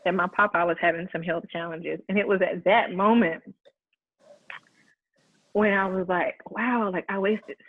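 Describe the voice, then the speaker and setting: A woman's voice: lowish voice, fairly even intonation, normal speed, pauses often, dry recording. Earnest woman host on a tinny line. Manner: heartfelt, earnest, many "like"s and restarts. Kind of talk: casual faith chat.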